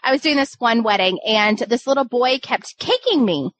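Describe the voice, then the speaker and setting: A woman's voice: fairly high pitch, lively intonation, normal speed, fairly bright tone, no room sound, low-quality recording. A woman, a wedding photographer, telling a story in casual podcast chat, rambling with many fillers and restarts.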